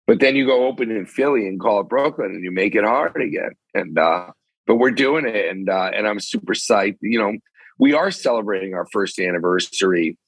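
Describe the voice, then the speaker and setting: Husky-voiced man talking casually. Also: lowish voice, dry recording, poor audio. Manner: animated, rambling, talks in quick bursts. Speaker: venue owner and concert promoter. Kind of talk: casual chat. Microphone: phone call.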